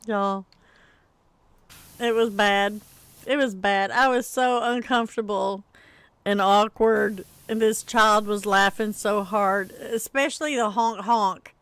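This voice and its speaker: A woman's voice: mid-range voice, fairly even intonation, takes it slowly, pauses often, fairly bright tone, clear, resonant tone, no room sound. A middle-aged woman, chatting casually with viewers on a gaming livestream and laughing often as she tells a story.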